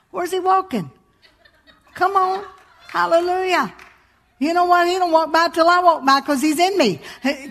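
A woman's voice: high-pitched, in a large hall. A middle-aged woman pastor preaching a sermon, emphatic and humorous, often calling out hallelujah.

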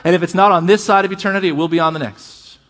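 A man preaching a sermon as a pastor, with impassioned delivery, conversational asides and scripture read aloud with drawn-out emphasis. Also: sits high, fairly even intonation, a bit bright.

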